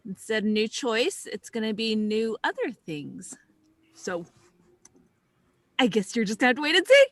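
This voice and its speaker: A woman's voice: fairly high pitch, big pitch swings, moderate pace, dry recording. A woman hosting an improv comedy show over a video call, announcing the games in an upbeat way.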